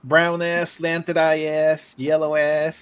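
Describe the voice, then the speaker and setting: A man's voice: fairly high pitch, completely flat delivery, slow pace, clear, resonant tone, muffled recording. A man chatting on a live stream, tossing in crude joking interjections. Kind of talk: casual chat on a live stream.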